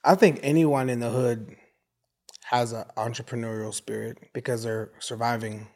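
A man's voice: medium pitch, normal speed. A man in his forties, from the United States, telling stories as an interview guest and slipping into voices from his neighborhood. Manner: animated storyteller who acts out neighborhood voices. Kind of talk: casual interview.

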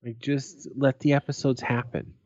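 A man's voice: mid-range voice, little pitch movement, normal speed, darkish tone, no room sound, dull audio. A man co-hosting a podcast in casual chat, blunt and sweary, ranting with a laugh. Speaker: podcast co-host.

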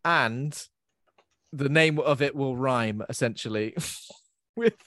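A man's voice: medium pitch, slow, sharp tone, no echo. A man hosting a podcast in a casual chat, giggling and mocking himself as he stumbles over his words. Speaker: podcast host.

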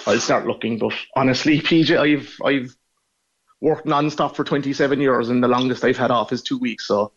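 A man's voice: medium pitch, moderate pace, highs cut off. A man in his forties with a northside Cork accent, a caller telling stories in a frank, easygoing way. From Ireland. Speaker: caller living abroad. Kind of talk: casual phone interview.

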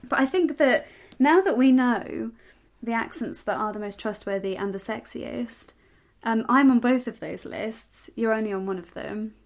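A woman with a posh southern English accent co-hosts a casual podcast. Her voice sits a little high, and she talks in an eager, chatty way, quick to agree and keep things going. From South West England. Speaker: podcast co-host. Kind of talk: casual chat.

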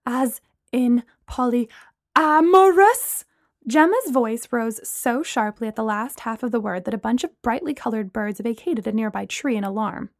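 Woman reading a story aloud, high voice, super dry close sound. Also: moderate pace, creaky, hardly any pauses, darkish tone, no room sound. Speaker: audiobook narrator. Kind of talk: first-person story reading.

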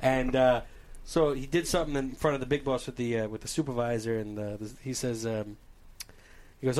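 A man's voice: mid-range voice, a little fast, darkish tone. A man telling an anecdote with laughter in casual banter among friends.

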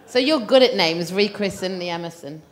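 A woman's voice: on the low side, lively intonation, normal speed. A woman comedian guest joking and laughing on a live podcast.

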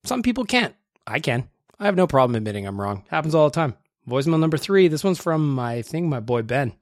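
A man's voice: medium pitch, lively intonation, fast talker, no room sound, clean studio sound. A man hosting a casual podcast, chatty and self-deprecating as he plays listener voicemails. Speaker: podcast host.

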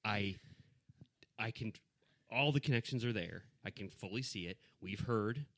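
A man's voice: fairly low pitch, unhurried, no room sound. A man co-hosting a podcast in casual chat, joking and playful as he banters back and forth. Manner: joking, animated, playful mock-legal banter. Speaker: podcast co-host.

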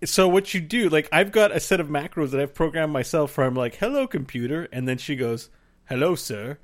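A man's voice: fairly high pitch, fairly quick. A man co-hosting a gaming podcast in casual chat, rambling with many fillers and casual swearing. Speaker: podcast co-host.

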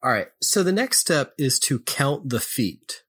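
A man hosting a podcast, casually explaining poetry in a halting way, often clearing his throat and correcting himself. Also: mid-range voice, very animated, fairly bright tone.

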